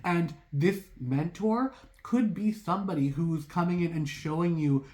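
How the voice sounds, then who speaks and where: An excitable tarot reader talks straight to viewers in a casual reading. Their voice sits in a middle range and their thoughts race ahead. The delivery is loose and rambling, full of "like" and apologetic side remarks. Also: medium pitch, a little slow. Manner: rambling, heavy use of "like"; apologetic asides.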